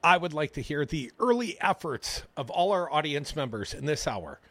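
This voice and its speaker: Wisecracking talk radio host, lively voice. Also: male voice, a little high, normal speed, no echo. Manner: wisecracking, reads news items aloud with sarcastic asides. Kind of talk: political talk radio banter. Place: radio studio. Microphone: studio microphone.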